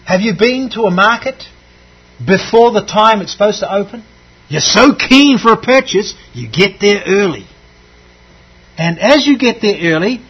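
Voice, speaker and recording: A man's voice: high-pitched, a bit bright, husky, poor audio. A man preaching a sermon, teaching through scripture verse by verse and repeating key phrases for emphasis.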